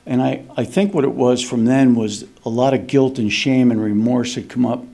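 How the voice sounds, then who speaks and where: A middle-aged man speaks at a recovery meeting, his voice warm and mellow. He tells his story candidly and plainly, like a confession. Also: mid-range voice, moderate pace, creaky.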